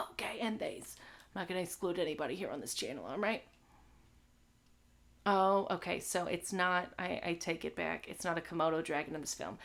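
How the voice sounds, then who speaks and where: A livestream movie host, this young woman has a lowish, creaky voice with a fairly bright tone. She chats crudely and casually with her live viewers, often adding "all right?" to the end of lines.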